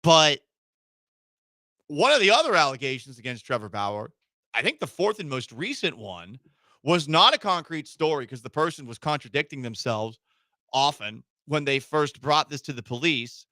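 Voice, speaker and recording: A male sports radio host with a bright, forward voice, talking in a joking, animated way and punching certain words hard. He is on a studio microphone with dry, close sound. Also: a little high, normal speed, dry recording. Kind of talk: casual sports talk radio.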